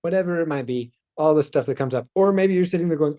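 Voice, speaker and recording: A man hosting a spiritual self-help talk, speaking loosely and rambling, with sighs and soft asides. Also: on the high side, quick pace. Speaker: host.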